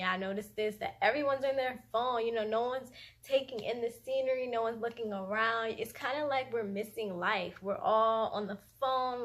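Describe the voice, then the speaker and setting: A woman's voice: medium pitch, fairly bright tone. A young woman vlogging about meditation in a chatty, earnest way, with many fillers and acted-out inner voices. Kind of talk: casual talk to camera.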